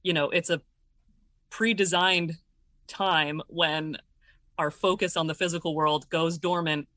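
A woman with a bright, forward tone speaks as an interview guest, working through her ideas aloud. She pauses often, fills gaps with ums and restarts sentences. The sound is close and dry, with no room echo. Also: lowish voice, fairly even intonation. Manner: thoughtful, searching for words with many fillers and restarts. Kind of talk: reflective conversational explanation.

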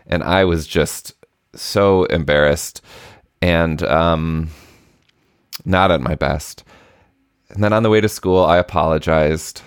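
A man's voice: deep voice, slow, pauses often, clean tone, no echo, clean studio sound. A man co-hosting a parenting podcast, telling a story in an earnest, self-deprecating way. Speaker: podcast co-host. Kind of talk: casual chat.

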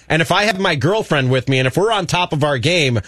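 A man's voice: a little high, lively intonation, brisk, a bit bright, dry recording, studio quality. A man chatting casually on a radio show and telling a story with amused humor. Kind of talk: casual chat.

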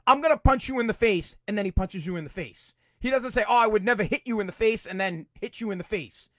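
A man hosting his own podcast, ranting angrily about politics, swearing and repeating himself, at times breaking into shouts. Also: sits high, no echo, studio quality. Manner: angry, profane, repetitive, shouts in bursts. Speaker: podcast host. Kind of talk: political rant.

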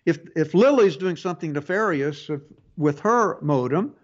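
In a lively, slightly high voice, a man hosting a tech advice radio program chats casually with callers, stumbling through frequent fillers and restarts. The recording has a lo-fi sound.

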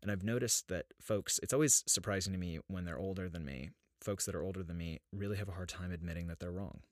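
A man's voice: lowish voice, fast, hardly any pauses, dry recording, studio quality. A man in his thirties hosting a podcast, talking in an earnest, searching way about inner life, often restarting his sentences. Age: 30s. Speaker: podcast host. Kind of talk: reflective spiritual podcast talk.

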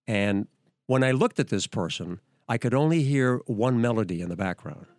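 A man's voice: lowish voice, animated, moderate pace, darkish tone. An older man, a veteran news anchor, hosting a podcast and telling stories with enthusiasm and frequent restarts. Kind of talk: podcast storytelling.

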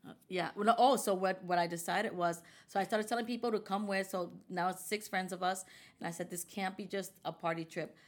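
A woman's voice: medium pitch, a little fast. A woman telling a personal story in casual conversation, animatedly quoting the people involved. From United States. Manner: animated, quotes people in her stories. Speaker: guest.

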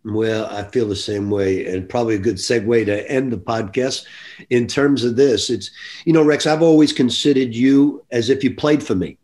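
A man's voice: mid-range voice, normal speed, darkish tone. An older man, a basketball coach, talking earnestly and reflectively as a guest on a podcast. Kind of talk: podcast interview.

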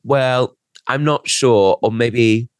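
A man's voice: medium pitch, slow, clean tone, no echo, studio quality. A man co-hosting a comedy podcast, telling a rambling, self-mocking story in casual chat. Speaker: podcast co-host.

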